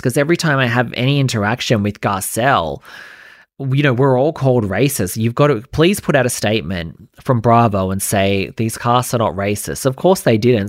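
A man's voice: lowish voice, dry recording, clean studio sound. Blunt, profane man commentating. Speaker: podcast host. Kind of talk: opinionated commentary.

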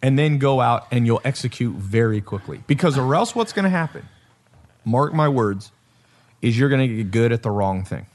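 A man's voice: mid-range voice, expressive, moderate pace, a little mellow. A man hosting a casual podcast, telling stories emphatically and laughing often. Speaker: podcast host.

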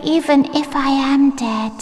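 A woman's voice: sits high, unhurried, darkish tone. An actress playing a whiny, sulky teenage ghost girl, heard in a film clip. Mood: sulky, self-pitying. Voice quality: whiny, wounded and self-pitying. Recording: film clip with long hall reverb.

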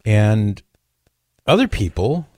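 A man hosting a call-in radio talk show, speaking in a measured, conversational way with occasional dry jokes. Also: lowish voice, very animated, a little mellow, no room sound.

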